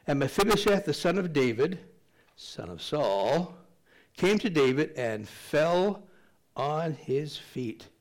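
Older male pastor who preaches in a chatty, storytelling way and drifts into self-deprecating tangents. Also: on the high side. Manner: conversational storyteller with rambling asides and self-deprecating humor. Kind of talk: sermon with scripture reading.

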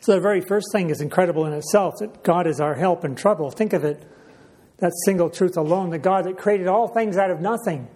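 A man preaching a sermon in a measured way, repeating key phrases for emphasis and often clearing his throat. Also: high voice, darkish tone.

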